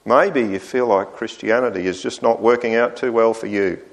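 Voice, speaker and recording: A man preaching a sermon, voicing the psalmist's complaints with lively rises. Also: on the low side, normal speed.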